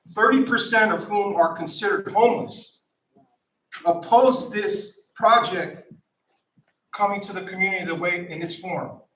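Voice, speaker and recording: Firm high-voiced man at a public meeting. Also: a bit bright. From San Francisco. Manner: firm, formal and insistent. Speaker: public commenter. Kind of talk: prepared public comment. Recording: echoey meeting room from far off.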